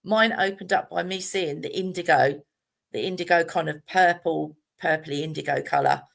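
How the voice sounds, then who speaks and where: A woman's voice: low voice, fairly even intonation, moderate pace, creaky. A middle-aged woman, talking casually and chattily about meditation on a live stream, rambling with fillers and restarts. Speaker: meditation teacher.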